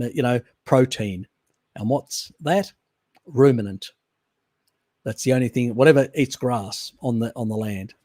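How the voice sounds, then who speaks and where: A man's voice: medium pitch, mellow, dry recording, studio quality. An Australian man hosting a live stream, chatting loosely and answering viewer questions with restarts and chuckles. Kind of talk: casual chat, reading and answering viewer questions.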